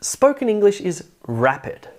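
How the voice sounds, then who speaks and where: A woman teaching English pronunciation in an online lesson, slowing down to contrast word stresses as she explains. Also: medium pitch, big pitch swings, a little mellow.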